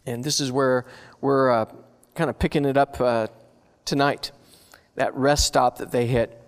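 A man's voice: medium pitch, steady tone, unhurried, clean tone, in a large hall. A man preaching a conversational sermon, asking his listeners rhetorical questions. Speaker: pastor.

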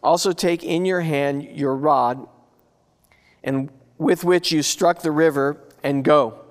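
A man's voice: a little high, slow, big-room sound. A man preaching a conversational sermon, asking his listeners rhetorical questions. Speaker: pastor.

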